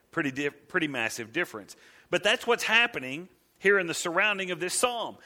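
Male pastor, mid-high voice, bright, lively sermon delivery with folksy asides.

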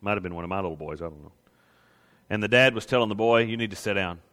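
A man's voice: lowish voice, fast talker, a bit bright, big-room sound. A man preaching a sermon in a conversational way, now and then acting out the grumblers he quotes. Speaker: pastor.

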